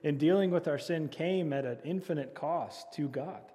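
A man's voice: on the high side, moderate pace, warm tone. A man preaching a sermon as pastor, earnestly repeating key phrases and leading the congregation in call and response. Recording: long hall reverb.

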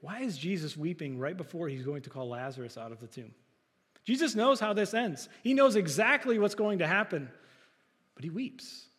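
A man's voice: high voice, lively intonation, brisk, a bit bright, in a large hall. A man preaching a sermon, talking to the congregation in a conversational way with rhetorical questions. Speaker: pastor.

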